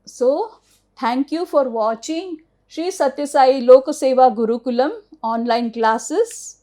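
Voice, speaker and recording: A woman's voice: on the high side, dark tone. A middle-aged woman with an Indian accent teaching English phonics to children, spelling each word out letter by letter and answering her own questions.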